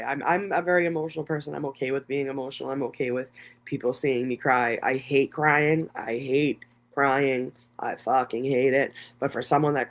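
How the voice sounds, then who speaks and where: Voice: mid-range voice, fairly even intonation, moderate pace, a bit bright. A content creator talking through an emotional, rambling livestream monologue, swearing heavily and circling back on thoughts. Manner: many fillers and restarts.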